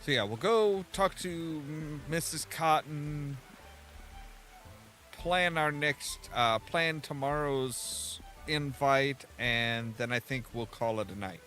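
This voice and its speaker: A man's voice: on the high side, slow pace, pushed and bright. A man casually commenting on his own gameplay, thinking aloud, trailing off and restarting as he goes. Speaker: gameplay streamer. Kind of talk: casual let's-play commentary. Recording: faint game music behind.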